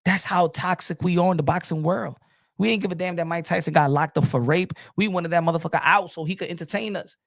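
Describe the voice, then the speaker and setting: High-voiced blunt man ranting about boxing. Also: fast, gravelly, a bit bright, no room sound, clean studio sound. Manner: blunt, profane, repeats words and restarts. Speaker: boxing podcast host. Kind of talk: casual opinion rant.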